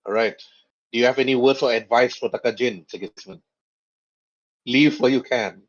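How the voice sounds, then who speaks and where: A man narrating as game master of a tabletop game, with quick put-on voices for side characters. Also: mid-range voice. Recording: dull lo-fi voice chat audio.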